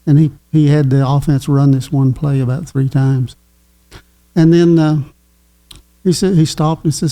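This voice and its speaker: A man's voice: fairly high pitch, fairly even intonation, dark tone. Chuckling older man. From Kentucky. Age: 80s. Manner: chuckling, folksy, halting with fillers. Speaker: guest. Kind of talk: casual storytelling.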